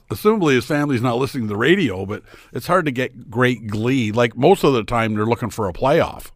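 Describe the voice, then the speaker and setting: A man's voice: mid-range voice, expressive, fast, no room sound, studio quality. A man co-hosting a radio sports talk show, joking wryly and telling stories in casual chat. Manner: wry, joking, storytelling asides.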